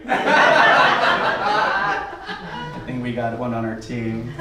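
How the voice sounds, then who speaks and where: A man's voice: on the high side, very noisy. A man performing a stand-up comedy set with a wry, rambling, self-mocking delivery, live in a theater. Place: theater stage, live audience. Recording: echoey theater, far mic, crowd laughter.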